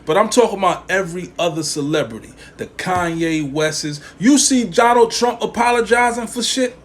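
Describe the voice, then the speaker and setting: Here a man hosting a podcast goes on an opinionated rant in an expressive, high-sitting voice at a moderate pace. He curses and uses slang emphatically, repeating lines to make his point stick.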